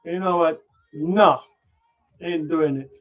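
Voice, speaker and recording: A man hosting a trading livestream, muttering to himself as he sets up his screen, tired and yawning, with sudden loud playful bursts. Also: fairly high pitch, slow pace. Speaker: livestream stock trading host. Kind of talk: rambling livestream chatter. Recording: dull lo-fi sound with faint music.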